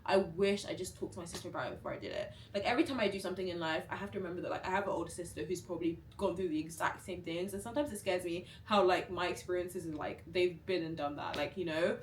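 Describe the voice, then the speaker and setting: A young woman vlogging a casual storytime, chatty and animated, full of fillers. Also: fairly low pitch, rapid-fire, few pauses, a little hiss or hum.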